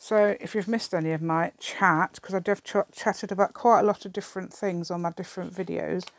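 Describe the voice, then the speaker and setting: Middle-aged woman, slightly low voice, rambling craft-video chatter with laughs and mumbled asides. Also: fairly even intonation, a little fast, vocal fry, no room sound. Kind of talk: casual chat while crafting.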